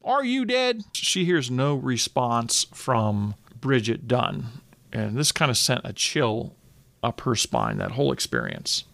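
A male podcast host retells an old local crime in a relaxed, conversational way, with casual asides and the odd "um." His voice sits at a middle pitch. The recording is dry and close, with no room echo. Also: slow pace, gravelly. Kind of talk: conversational history storytelling.

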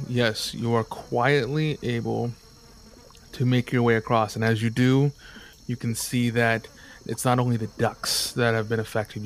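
A man with a medium-pitched voice runs a tabletop game as game master, describing scenes hesitantly and with many fillers.

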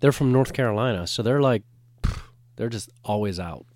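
A man's voice: lowish voice, moderate pace, a little mellow, no echo, clean studio sound. A man co-hosting a music radio show, talking in an easygoing, hesitant way full of fillers. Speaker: radio co-host. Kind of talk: casual chat.

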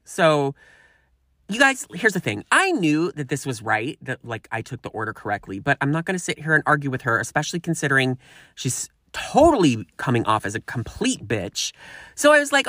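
A podcast host tells a work story as a profane, animated rant, talking straight to the listeners. The voice swings widely up and down in pitch. It is recorded close on the mic and sounds dry, with no room echo. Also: a little fast. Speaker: podcast host and restaurant manager.

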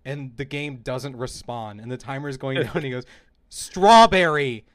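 A man hosting a casual podcast chat, telling stories in an animated way and laughing often. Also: medium pitch, brisk. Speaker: podcast host.

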